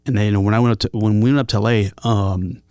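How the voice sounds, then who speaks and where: A man's voice: on the low side, steady tone, very fast, warm tone, clean tone, no room sound, clean studio sound. A man from San Diego, a guest musician, telling stories in a casual interview with many fillers and restarts. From San Diego, California.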